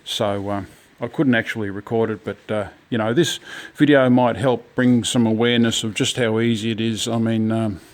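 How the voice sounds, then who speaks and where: A man's voice: lowish voice, fairly even intonation, moderate pace. A man talking casually through a home repair job, rambling with lots of ums and restarts. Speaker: home DIYer. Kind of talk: casual DIY walkthrough.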